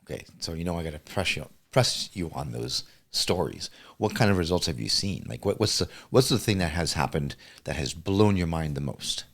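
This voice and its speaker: Man, podcast host, very low voice, gravelly, lively pitch, probing questions. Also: normal speed, few pauses. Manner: probing, conversational. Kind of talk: casual interview.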